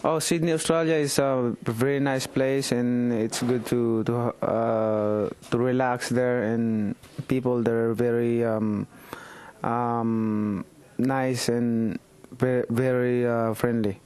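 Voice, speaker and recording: A man's voice: medium pitch, flat delivery, slow pace, darkish tone, smooth. A man in his thirties with a Filipino accent, a boxer answering interview questions in a hesitant way with many fillers. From Philippines. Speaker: boxer and congressman, interview guest. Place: indoors in the Philippines.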